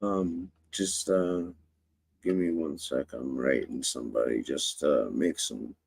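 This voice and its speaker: A man's voice: rumbling low, slow pace, gravelly, a little mellow, breathy edge, no echo. A male host in a casual live stream, rambling, profane and laid-back.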